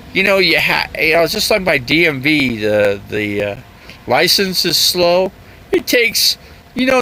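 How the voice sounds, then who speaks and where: Gravelly older man rambling on a live stream. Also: medium pitch, sharp tone, slight background noise. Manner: rambling, chatty, repeats himself, heavy use of fillers. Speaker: RV vlogger. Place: living out of an RV.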